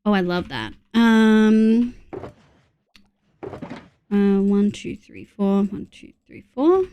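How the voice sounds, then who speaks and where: A woman's voice: mid-range voice, drawn-out words, warm tone, slight background noise. A woman from Australia streaming a game, counting items under her breath between chatty asides to her viewers. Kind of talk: casual gameplay chat with chat readers.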